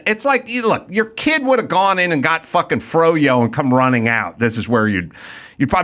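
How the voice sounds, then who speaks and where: A man's voice: fairly high pitch, moderate pace. A male podcast host telling a rant-filled story in casual chat, acting out the people in it. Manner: animated, ranting, acts out quotes.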